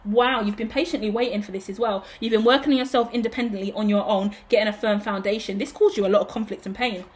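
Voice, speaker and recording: A woman giving a casual tarot reading to her viewers, excitable and swearing freely, breaking into shouts and laughter. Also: medium pitch, fast talker, few pauses. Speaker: tarot reader.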